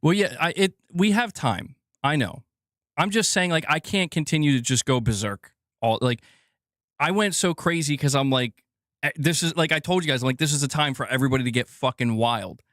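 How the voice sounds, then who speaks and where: A man's voice: fairly high pitch, animated, normal speed, a bit bright, no echo, clean studio sound. A man hosting a live gaming news stream, ranting casually and swearing as he talks to his chat.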